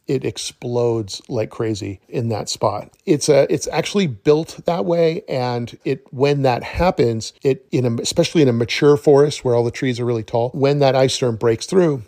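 Relaxed rambling man, dry close sound. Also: mid-range voice, no room sound. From East Coast of North America. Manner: relaxed, rambling, retells dialogue with chuckles. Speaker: forest educator, podcast host. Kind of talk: casual storytelling monologue.

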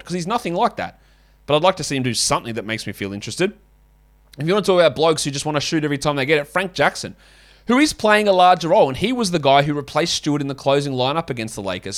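A man's voice: medium pitch, a bit bright. Male host, solo podcast, casual and blunt with frank opinions and loose swearing. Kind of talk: solo basketball fantasy podcast.

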